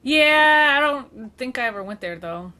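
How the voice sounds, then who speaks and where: Woman co-host, higher voice, very animated, quick reactions and playful teasing. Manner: short reactions and teasing quips. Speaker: podcast co-host. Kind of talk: casual podcast chat.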